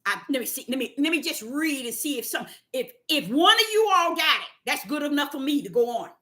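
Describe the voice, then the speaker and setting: Woman, preacher, fervent, repetitive, very high voice, piercing brightness. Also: animated, brisk. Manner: swings from low murmurs to shouting, laughing and crying out; fervent, repeats phrases for emphasis. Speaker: preacher teaching scripture to an online audience. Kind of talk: fiery preaching.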